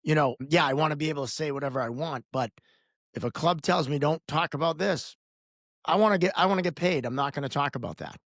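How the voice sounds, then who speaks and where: A man's voice: on the high side, quick pace, a bit bright, no room sound, clean studio sound. Plain-talking male podcast host. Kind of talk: casual chat.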